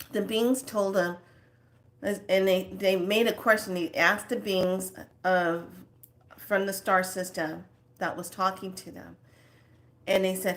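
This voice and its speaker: A woman talking in a casual, rambling spiritual monologue as host of her own channel, with soft asides now and then. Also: medium pitch, fairly even intonation, measured pace.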